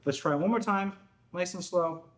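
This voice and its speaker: A man giving a calm, step-by-step self-defense demonstration lesson, often checking in with "okay?". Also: high voice, moderate pace, slight background noise.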